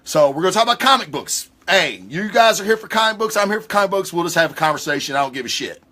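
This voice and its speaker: Excitable, cursing male host with a bright voice. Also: high voice, fast talker. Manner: rambling, excitable, heavy cursing. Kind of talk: casual monologue.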